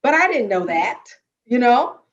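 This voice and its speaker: A woman from Jamaica on a dance panel, telling her story in a lively, casual way and often checking in with "right?". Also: fairly high pitch, measured pace, lo-fi sound. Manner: lively, animated storytelling with many rhetorical "right?"s.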